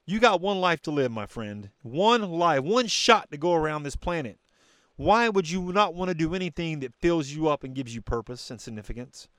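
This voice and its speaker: A man delivers a fervent motivational monologue, speaking directly to the listener as a podcast host. His voice sits a touch high and comes across smooth and resonant. The recording is close and dry, with no room sound. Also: lively intonation, moderate pace, a bit bright, dry recording. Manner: emphatic and preachy, direct to listener.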